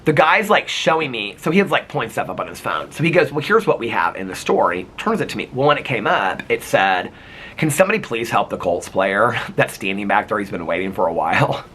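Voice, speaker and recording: A man's voice: fairly low pitch, big pitch swings, a little fast, a bit bright, a little hiss or hum. A man vlogging casually to camera, telling a chatty, gossipy story full of "like" and quoted dialogue.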